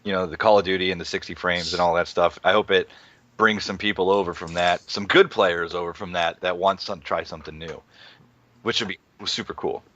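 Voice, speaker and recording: A man's voice: deep voice, steady tone, a little fast, fairly bright tone. A man co-hosting a gaming podcast, rambling loosely and swearing freely in casual chat. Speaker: podcast co-host. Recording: slightly dull, dry lo-fi sound.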